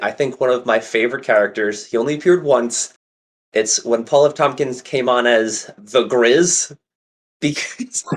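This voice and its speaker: Rambling man, mid-pitched, full of fillers. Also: a bit bright. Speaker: podcast co-host. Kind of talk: casual chat.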